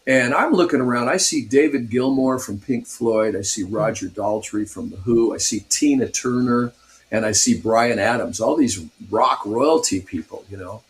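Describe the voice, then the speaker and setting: A man's voice: medium pitch, normal speed. A man in his sixties from Pasadena, California, a guest guitarist animatedly telling stories in a radio interview and laughing often.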